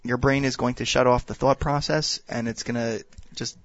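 A man appearing as a guest expert, explaining wine and whiskey in a casual, halting way. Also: mid-range voice, steady tone, no echo. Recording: dull, dry sound.

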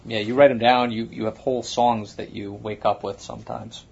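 A man's voice: lowish voice, level tone, moderate pace, gravelly, darkish tone, a little hiss or hum. A man hosting a casual chat, thinking aloud as he talks. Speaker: podcast host. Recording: muffled lo-fi recording.

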